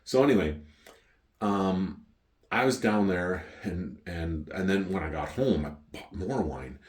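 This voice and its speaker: A middle-aged man from Canada with a Canadian accent, telling a story in a casual, profane, animated way. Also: deep voice, a little slow. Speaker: wine collector vlogger.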